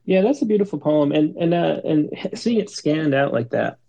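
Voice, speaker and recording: A man's voice: fairly high pitch, lively intonation, moderate pace, creaky, mellow. A man co-hosting a podcast, talking in a thoughtful, rambling way with many restarts over a video call. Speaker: podcast co-host. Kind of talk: casual discussion.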